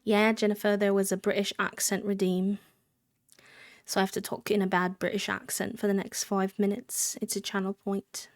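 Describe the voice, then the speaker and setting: A woman's voice: mid-range voice, little pitch movement, normal speed, no echo, studio quality. A young woman streaming a game live, chatting in a rambling way, answering her chat and thanking subscribers. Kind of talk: casual live-stream chat while gaming.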